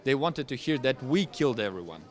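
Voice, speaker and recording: A man from Ukraine with a Ukrainian accent, speaking English haltingly with many pauses and restarts as an interview guest. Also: medium pitch, big pitch swings. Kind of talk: conversational interview.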